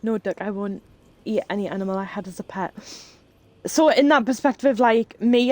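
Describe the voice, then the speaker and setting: A woman's voice: mid-range voice, normal speed, darkish tone. A woman streaming live, telling rambling stories in casual chat while she plays a game and swearing freely. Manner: chatty, rambling storyteller who swears freely.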